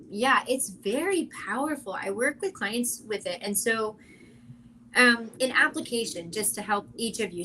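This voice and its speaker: A woman's voice: medium pitch, bright, forceful tone, slight background noise, low-quality recording. A woman who coaches clients, chatting earnestly and animatedly on a round-table podcast, prone to asides. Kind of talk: casual round-table chat.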